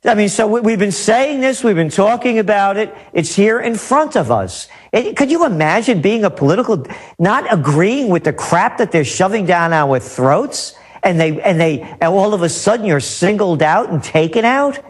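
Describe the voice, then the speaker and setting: A man's voice: high-pitched, lively intonation, normal speed. A man as a guest on a talk radio interview, ranting emphatically and repeating his points. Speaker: guest trend forecaster.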